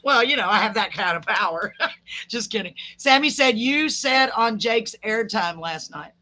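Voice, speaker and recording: A woman's voice: a little high, animated, a little slow, bright, forceful tone. A woman hosting a live podcast, chatting and laughing with a guest and tossing in folksy sayings. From Texas. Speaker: podcast host. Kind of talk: casual live chat with a guest.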